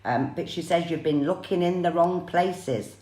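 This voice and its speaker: Low-voiced woman medium, roomy sound. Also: normal speed, mellow. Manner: chatty, repeats viewers' names often. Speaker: psychic medium. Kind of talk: live-streamed reading for viewers.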